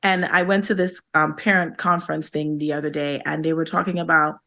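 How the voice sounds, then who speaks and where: A woman's voice: low-pitched, steady tone, fairly quick, pushed and bright. A woman co-hosting a podcast, talking in a reflective, thinking-aloud way in casual chat. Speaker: podcast co-host.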